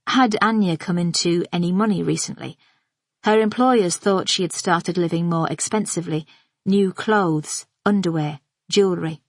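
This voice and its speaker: A woman narrating a first-person psychological thriller audiobook in a steady, measured reading. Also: lowish voice, dry recording.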